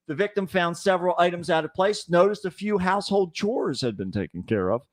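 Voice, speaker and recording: A man's voice: high-pitched, lively intonation, a little fast. A man co-hosting a comedy podcast, reading out odd news stories and joking around with lots of swearing. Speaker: podcast co-host. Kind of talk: casual comedic chat.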